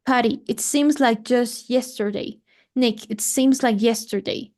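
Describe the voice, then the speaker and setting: A woman's voice: fairly high pitch, unhurried. Woman student reading aloud carefully. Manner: careful, steady reading with small slips. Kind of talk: reading a grammar text aloud.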